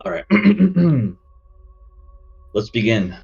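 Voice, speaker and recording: A man's voice: medium pitch, sing-song, very slow, gravelly, a little mellow. A man narrating a tabletop game as game master, in a casual, rambling way. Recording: dull lo-fi audio with faint music.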